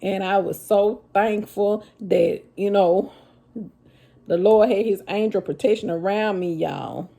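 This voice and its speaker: A woman telling her own story to viewers in a casual, animated vlog. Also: mid-range voice, unhurried, gravelly. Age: adult with children. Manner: animated, addresses viewers as y'all, Southern US vernacular.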